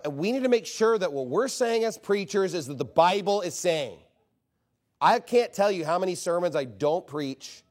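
A man delivers a sermon from the pulpit. He is emphatic and rhetorical, firing questions at the congregation and mocking objections in quoted voices. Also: fairly high pitch. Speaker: pastor.

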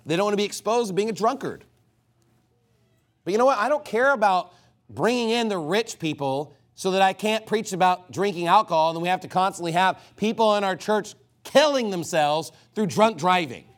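Emphatic preaching man, fairly high voice. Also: expressive, brisk, fairly bright tone. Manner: emphatic, preaching with sudden swings in volume and pace. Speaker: pastor. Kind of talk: fiery sermon.

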